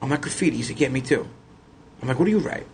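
A middle-aged man, a podcast guest telling animated stories and acting out the voices of other people. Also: mid-range voice, racing, slight background noise. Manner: animated, acts out quoted voices. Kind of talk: casual storytelling chat.

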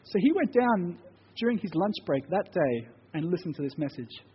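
A high, slightly husky man preaches with earnest, conversational warmth, slipping from storytelling into prayer. His voice rings out with a long church-hall reverb. The sound is dull and muffled. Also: big pitch swings, normal speed. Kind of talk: sermon with personal story and prayer.

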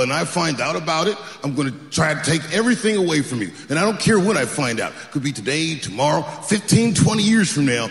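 Stammering, vengeful man, as a comic puts him on, fairly high and lowered, live hall echo and crowd. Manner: halting threats with stammered "duh". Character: menacing grown man, vengeful and grudging. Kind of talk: stand-up impression.

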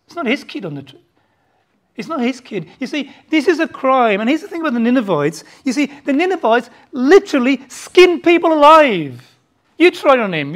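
Preaching emphatically, a man leans on rhetorical questions to hammer his points home. His pitch rises and falls in a lively way, and he shifts from loud bursts to quiet, hushed asides.

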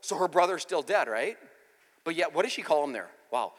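A man preaching a sermon, going from hushed and intimate to loud and impassioned, with faint music behind. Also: on the high side, expressive, brisk. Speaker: pastor. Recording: large hall with long reverb, faint music behind.

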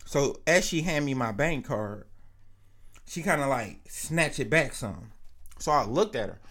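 A man's voice: medium pitch, expressive, unhurried, a bit bright. A young man casually telling a profane story, acting out both sides of an argument.

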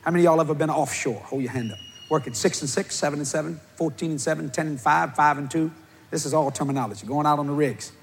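A man with a Cajun accent preaching a comedic sermon, telling stories loudly and often breaking into shouts. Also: on the high side, fast, creaky, slight background noise. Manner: animated, loud storytelling with bursts of shouting. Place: church hall before a live audience.

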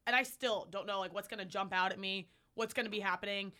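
Fast talking woman podcast cohost, gets fired up, bright sharp voice. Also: mid-range voice, fairly even intonation. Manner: quick, fired-up, competitive storyteller. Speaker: podcast co-host. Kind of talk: casual chat.

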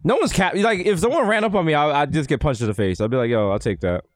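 Joking New York man, fairly high voice. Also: sing-song, fast talker, no room sound, studio quality. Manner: joking, profane banter. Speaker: podcast co-host. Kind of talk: casual chat.

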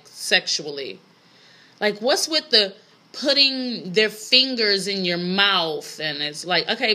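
Solo podcast host, woman, bright, lively delivery, blunt and profane. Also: fairly high pitch. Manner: blunt, profane, incredulous, laughs often. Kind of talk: casual solo podcast rant.

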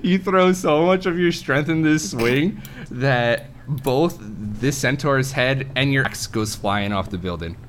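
Giggly game master man, lively pitch. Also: slight background noise. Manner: giggly, halting, laughs through narration. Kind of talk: narrating a tabletop game.

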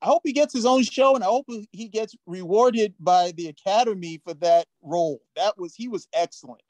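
High-voiced dude talking fast and emphatic about a movie, dry close sound. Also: male voice, darkish tone, no room sound. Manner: emphatic, enthusiastic praise. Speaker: co-host. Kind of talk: casual film review chat.

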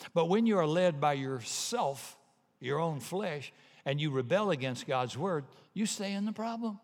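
A man preaching a sermon in a folksy, punchy way, telling jokes and little stories. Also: sits high. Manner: folksy, punchy, animated storytelling. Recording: long hall reverb.

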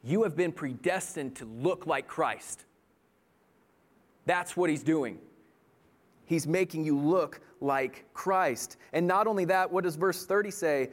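A man's voice: on the high side, slow. A man preaching a sermon in an earnest manner, telling a personal story and building to impassioned appeals. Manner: earnest, rising to impassioned pleading. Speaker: pastor.

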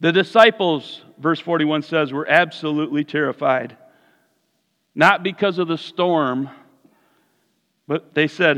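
A man preaching a sermon as pastor, animated, swinging from hushed lines to loud ones. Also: a little high, measured pace. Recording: reverberant hall.

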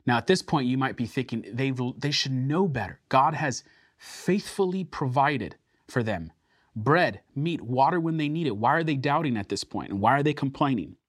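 A man teaching a sermon through scripture, earnest and emphatic, slowing down to stress key words. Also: medium pitch, expressive, no room sound, clean studio sound.

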